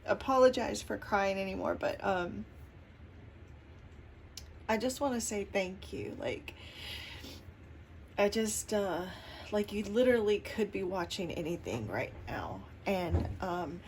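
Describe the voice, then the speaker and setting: A woman talking to camera as a tarot reader, soft and halting with many fillers, and tearful. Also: medium pitch, lively intonation, a little hiss or hum. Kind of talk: casual chat to camera, then spoken prayer. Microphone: camera mic.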